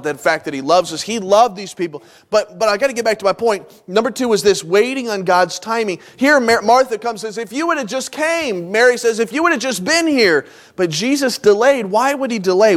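A man preaching a sermon in a folksy, conversational way, moving between loud emphatic lines and soft low asides. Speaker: pastor.

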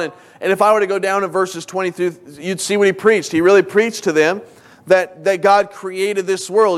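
Emphatic male pastor preaching. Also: sits high. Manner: emphatic preaching, reads scripture aloud and acts out quoted speakers. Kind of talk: sermon.

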